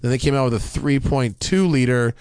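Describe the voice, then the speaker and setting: A man's voice: mid-range voice, brisk, clean tone, no room sound, clean studio sound. A man hosting a podcast in casual chat, joking and swearing freely. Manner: profane, animated and joking. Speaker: podcast host.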